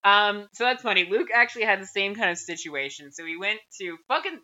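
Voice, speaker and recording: A young woman trades crude jokes and retells stories on her podcast, acting out every quote. Her voice is bright and swings widely in pitch. The recording sounds a little muffled and lo-fi. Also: animated, brisk. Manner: crude, joking, acts out quotes. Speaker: podcast co-host. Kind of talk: casual chat.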